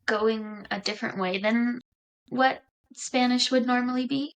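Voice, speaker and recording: An American woman co-hosting a podcast, chiming in with quick agreement and laughter in casual chat. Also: a little high, fairly even intonation, clear, resonant tone, lo-fi sound. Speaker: podcast co-host.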